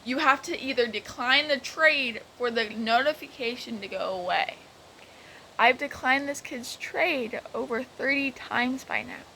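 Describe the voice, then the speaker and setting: This woman's voice sits high and sounds bright and forceful, at a measured pace, over a rough recording with slight hiss or hum. A gaming vlogger, she recounts a game story in a rambling, exasperated way with many restarts.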